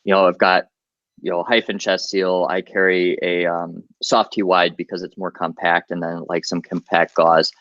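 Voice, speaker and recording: A man talks through his medical gear in a relaxed, practical way and leans on plenty of fillers. His voice sits a little low. The recording is dull and lo-fi with a dry, close sound. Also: moderate pace, no echo. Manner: practical, chatty, many fillers. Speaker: guest medic. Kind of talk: casual podcast interview.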